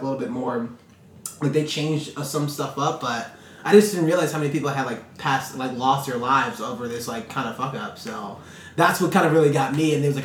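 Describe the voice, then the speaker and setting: A man's voice: on the high side, a bit bright. A man co-hosting a podcast, chatting casually and rambling with many filler words. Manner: rambling, heavy use of fillers like "like". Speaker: podcast co-host. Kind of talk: casual chat. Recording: echoey room, far from mic.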